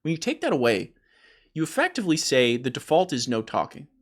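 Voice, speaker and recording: A man hosting an opinionated gaming discussion, emphatic and animated, often repeating words as he starts a point. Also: on the high side, fairly quick. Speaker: host.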